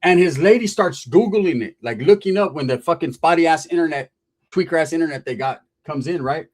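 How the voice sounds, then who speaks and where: A man telling a story in a casual, streetwise way, full of slang and swearing and punctuated by "right?". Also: on the high side. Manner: animated, drawn-out telling with frequent "right?". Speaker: storyteller on a podcast.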